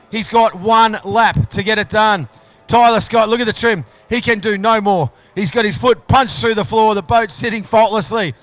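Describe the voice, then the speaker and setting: A man with an Australian accent calling a live powerboat race, excitable and rising to shouts at the finish. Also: high voice, no echo. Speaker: race commentator. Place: commentary box at an outdoor lake event.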